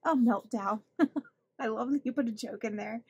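A woman's voice: a little high, moderate pace, mellow, slightly rough, muffled recording. A woman hosting a budgeting channel, chatting casually and gushing as she opens her mail, laughing often. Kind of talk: casual chat opening mail.

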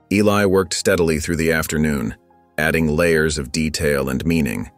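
A man narrating a scripted story in a calm, measured way. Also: rumbling low. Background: faint background music.

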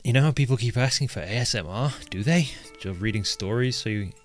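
A man's voice: mid-range voice, a little fast, soft background music. A man with a light Northern English accent, chatting casually while live-streaming a colony game and reading chat aloud. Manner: chatty, reads chat aloud, swears at characters.

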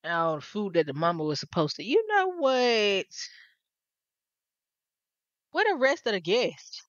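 A woman's voice: on the low side, a little fast, dry recording, lo-fi sound. A woman giving casual, exasperated gameplay commentary straight to her viewers. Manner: animated, exasperated, talks to viewers.

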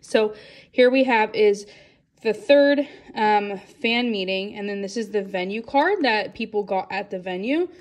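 A woman talking through her photocard collection in a casual vlog, chatty and excited, a little out of breath. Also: mid-range voice, measured pace. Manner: chatty, excited, rambling with frequent restarts. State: slightly out of breath.

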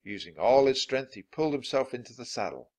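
A man reading a children's chapter book aloud, clear and deliberate for learners of English. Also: medium pitch, animated, a little mellow. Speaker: storybook reader.

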